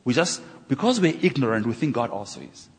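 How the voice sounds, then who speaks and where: Animated preacher, husky voice. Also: male voice, medium pitch. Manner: animated, acts out dialogue with pauses and exclamations. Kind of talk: sermon storytelling. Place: church. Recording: echoey church hall.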